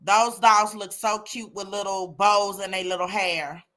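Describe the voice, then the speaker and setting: A woman's voice: mid-range voice, fairly even intonation, a little slow, sharp tone. A woman hosting a casual live chat, exclaiming and talking to listeners by name. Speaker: host of a live chat room.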